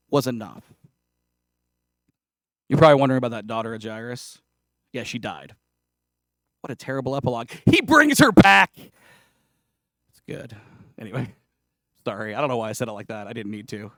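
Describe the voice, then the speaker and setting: A man's voice: on the high side, dry recording, studio quality. A male pastor preaching a sermon in a conversational, self-deprecating way, with casual asides. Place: church sanctuary.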